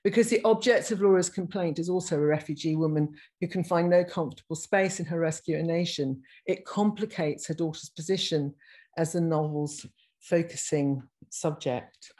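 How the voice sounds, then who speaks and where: A reflective woman over sixty speaks in a somewhat low voice over a video call. She talks thoughtfully, often stopping to restart a phrase, and reads passages aloud between her own remarks. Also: fairly even intonation, a little mellow, low-quality recording. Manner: thoughtful, halting, frequent restarts. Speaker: guest speaker. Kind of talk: reflective online talk, reading excerpts aloud.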